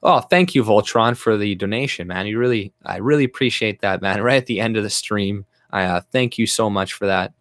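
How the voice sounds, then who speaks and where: A man's voice: fairly low pitch, a little fast, hardly any pauses, fairly bright tone, no room sound, studio quality. A man hosting a casual livestream rant, talking bluntly, swearing and laughing often. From Canada. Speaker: livestream host.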